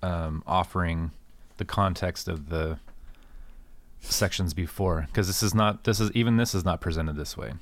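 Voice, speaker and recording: A man with a low voice, recorded dry and close, who thinks out loud about scripture. He gropes for words with frequent fillers, in a thoughtful, searching way. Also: moderate pace, dry recording. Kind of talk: conversational Bible discussion.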